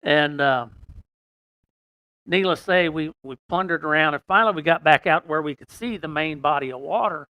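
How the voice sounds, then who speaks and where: A man telling a long fishing story in a casual, folksy way, rambling with many "and, uh" pauses. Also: on the high side, bright, forceful tone, no echo. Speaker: podcast guest telling a story.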